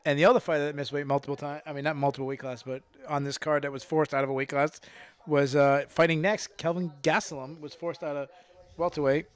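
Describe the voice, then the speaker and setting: A man hosting a casual fight podcast, talking into a studio mic with a clean, resonant voice that sits a bit high for a man. He rambles, doubling back over his own phrases as he chats with his co-hosts. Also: little pitch movement, fast talker, clear, resonant tone. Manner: rambling, repeats and restarts phrases. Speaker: podcast host. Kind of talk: casual MMA commentary chat. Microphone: studio microphone.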